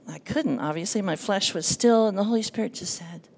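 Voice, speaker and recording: A nervous woman giving a personal testimony to a congregation, animated and self-deprecating, acting out the voices in her story. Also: mid-range voice, moderate pace, vocal fry. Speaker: church speaker giving testimony.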